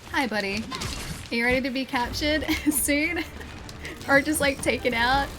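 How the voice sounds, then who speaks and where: A woman's voice: high voice, measured pace, noisy background. Chatty Australian woman streaming a game. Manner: chatty, coaxing and teasing the monsters. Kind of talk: casual gameplay commentary. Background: game music.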